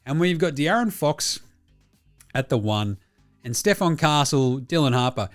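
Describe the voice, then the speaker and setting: Swearing Australian man, very lively delivery. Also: on the high side, a little slow, soft background music. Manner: swears constantly, blunt and rambling. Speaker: podcast host. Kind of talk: solo sports talk, reading listener messages.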